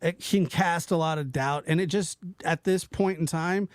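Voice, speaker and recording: A man hosting a casual livestream, talking to his chat in a rambling, animated way, often stopping and restarting. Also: fairly high pitch, normal speed, clear, resonant tone, dry recording, studio quality. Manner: animated, rambling, self-interrupting, mimics voices in quotes. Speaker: livestream host reading chat.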